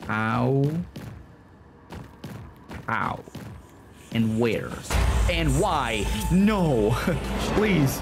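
A man's voice: mid-range voice, animated, very slow, pauses often. A man giving panicky, joking commentary while playing a horror game, often pleading and talking to himself. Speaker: gaming video creator. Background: game music.

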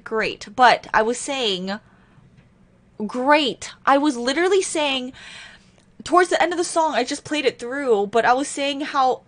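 A woman's voice: high voice, lively intonation. Rambling, upset young woman vlogger. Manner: distressed, rambling, talks fast. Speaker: reaction video host. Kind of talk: casual reaction commentary.

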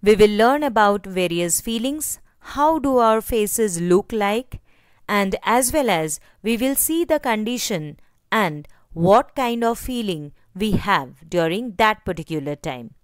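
A woman's voice: medium pitch, lively intonation, unhurried, clear, resonant tone, no room sound, studio quality. A woman teaching a kindergarten class in Indian English, asking the children many questions and having them repeat each word after her. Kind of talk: slow, sing-song teaching to young children.

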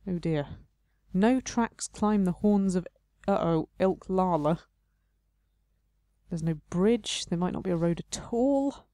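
A woman's voice: on the low side, slow, long pauses, warm tone, no echo, studio quality. A woman hosting a game playthrough, reading the text aloud and adding playful, self-mocking asides. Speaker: let's play host.

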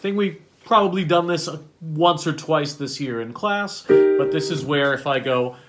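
A man teaching a vocal warm-up, coaching between sung syllables. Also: fairly high pitch, a little slow. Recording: loud piano behind the voice. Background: piano accompaniment.

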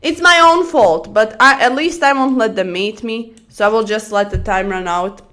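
Young woman, high voice, chatty and rambling, excited outbursts, casual chess-stream chat. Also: moderate pace. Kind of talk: casual chat while playing blitz chess.

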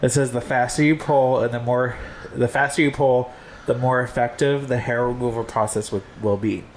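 A man's voice: mid-range voice, steady tone, moderate pace, slight background noise. A man chatting casually on a video, laughing a lot and reading instructions aloud. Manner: giggly, reads instructions aloud. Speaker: video co-host.

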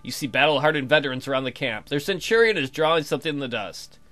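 A man's voice: a little high, lively intonation, fast talker, pushed and bright. A man casually commenting on his gameplay, swearing, thinking aloud, and reading the game text. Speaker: let's play gamer.

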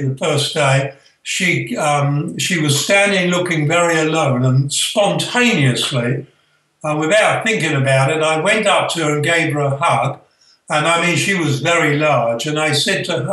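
An older man, a spiritual author, telling a personal story in an earnest, halting way with many fillers. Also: a little high, pushed and bright. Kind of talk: storytelling, reflective. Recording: echoey room, distant from the mic.

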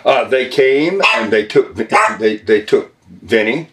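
A man's voice: lowish voice, takes it slowly, a bit bright. A man casually telling a story as an interview guest, loose and laughing.

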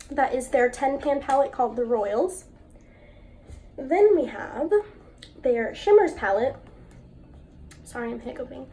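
A young woman with a high, mellow voice chatting to her camera at home. She talks in an easy, gushing way, sprinkling in "like" as she goes, with a faint hiss of room noise under her. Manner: chatty and enthusiastic, lots of "like" fillers. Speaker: beauty vlogger. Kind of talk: casual chat while swatching makeup.

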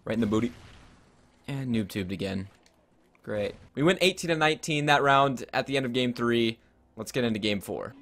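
A man's voice: medium pitch, moderate pace. A young man commentating his own gameplay, ranting about opponents and swearing often. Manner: ranting, frustrated, swears a lot, yells at opponents. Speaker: gaming YouTuber.

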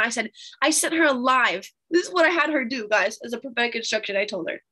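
A woman leading a morning Bible study, telling a story in an animated, emphatic sermon style and speaking straight to her listeners. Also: a little high, normal speed, pauses often, breathy edge. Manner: animated, emphatic, addresses audience directly.

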